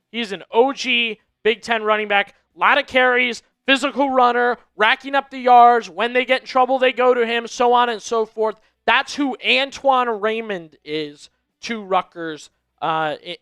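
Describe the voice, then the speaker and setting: A man's voice: very high-pitched, a bit bright, clean tone, no room sound. A man hosting a live sports stream, giving casual pregame commentary and talking straight to his viewers, often repeating phrases for emphasis. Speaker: livestream sports show host.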